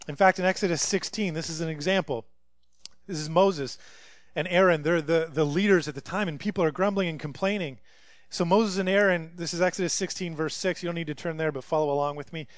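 A pastor with a fairly high voice for a man delivers a sermon like he is telling a story. He talks conversationally and keeps asking the listeners rhetorical questions. The sound is dry and close, with no room echo. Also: a little fast.

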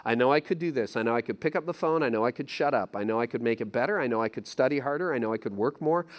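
A man's voice: mid-range voice, rapid-fire. A male pastor preaching in a conversational, emphatic way, often repeating his key phrases. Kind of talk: sermon.

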